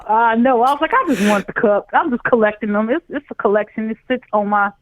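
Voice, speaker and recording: A man's voice: very high voice, quick pace, no room sound. A man in his forties from Chicago, telling a story on a call-in chat and acting out the voices in it. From Chicago, USA. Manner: animated, acts out quoted voices. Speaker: guest. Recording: tinny phone line, dry.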